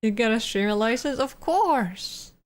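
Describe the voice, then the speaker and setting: A woman's voice: fairly high pitch, animated. A woman chatting casually while gaming, giggling often and drawing her words out. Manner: giggly, drawn-out.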